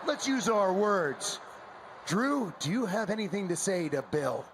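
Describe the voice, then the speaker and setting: A man's voice: sits high, lively intonation, unhurried, noisy background. A man hosting a talk segment on a wrestling broadcast, theatrical and smug.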